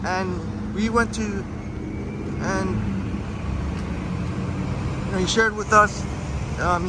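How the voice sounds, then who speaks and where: A man live-streaming while walking outdoors downtown, chatting casually and answering viewer comments with frequent laughs. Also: high-pitched. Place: outdoors on a busy downtown city street. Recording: loud city street traffic noise.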